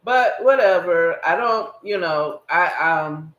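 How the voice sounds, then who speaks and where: A man's voice: high-pitched, lively intonation, slow pace, a bit bright, highs cut off. A man hosting a podcast, rambling and emphatic as he talks straight to his viewers in a casual solo commentary. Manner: rambling, emphatic, speaks directly to the audience. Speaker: podcast host. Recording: echoey room.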